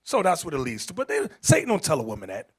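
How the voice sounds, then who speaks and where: A man preaching to a group, emphatic, quizzing his listeners and rising into shouts. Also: fairly high pitch, wildly swooping pitch, quick pace, breathy edge. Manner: emphatic, rising to shouts, asks the crowd questions. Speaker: street preacher.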